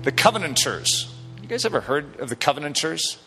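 A fairly high, bright man's voice preaching with big swings in pitch. He is a middle-aged pastor who jokes easily with the congregation, then drives his points home with emphatic declarations. A long reverb trails after him from the sanctuary. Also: fairly quick, faint music behind. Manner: lively, jokey preaching that builds to emphatic declarations. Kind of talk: sermon. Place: church sanctuary.

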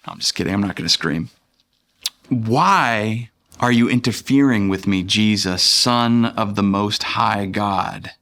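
A man's voice: fairly low pitch, unhurried, fairly bright tone. A man in his thirties, a pastor, preaching a sermon in a conversational, playful way and acting out voices from the scripture.

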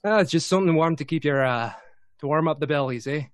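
A man's voice: a little high, quick pace, dry recording, studio quality, close to an everyday voice. A man voicing a big, good-natured bald male innkeeper in a tabletop game, with a hesitant drawl. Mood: genial.

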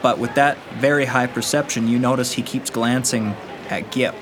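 A man narrating as game master in a relaxed, chatty way with fillers. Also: mid-range voice, moderate pace, crowd noise, noisy background.

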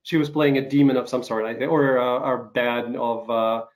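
A man hosting an interview show, recovering from an illness and coughing now and then, speaking haltingly with many fillers and restarts. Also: mid-range voice, level tone. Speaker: talk show host. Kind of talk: casual interview chat.

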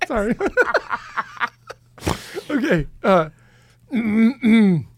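A man's voice: high-pitched, very animated, drawn-out words, darkish tone, slight background noise. A man co-hosting a podcast in casual chat, joking and giggling. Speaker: podcast co-host.

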